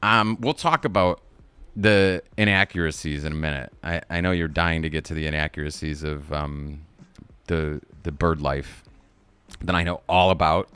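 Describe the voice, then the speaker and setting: A man's voice: very deep voice, moderate pace, a bit bright, clean tone, no echo. A man recapping a kids movie on a live stream in a casual, rambling way, swearing often and laughing at his own jokes.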